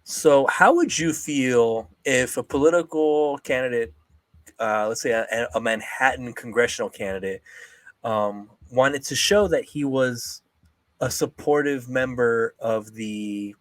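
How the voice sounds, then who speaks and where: Young male co-host, animated, profane, close and dry. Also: medium pitch, a little slow, no echo. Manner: animated, swears a lot, mocking impressions. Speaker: podcast co-host. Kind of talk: casual chat.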